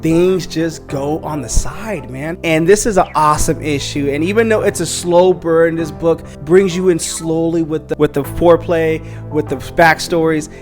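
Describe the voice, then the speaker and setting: A man recapping a comic book story in a casual, slangy, excitable way, acting out the characters' lines as he goes. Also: a little high, moderate pace, few pauses, faint music behind. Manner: animated, slangy, excitable retelling.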